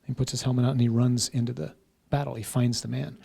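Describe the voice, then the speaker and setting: A man's voice: medium pitch, level tone, fast talker, creaky, mellow, breathy edge. A man, a parish priest, teaching a class in an informal conversational way, often checking in with "right?" and "huh?".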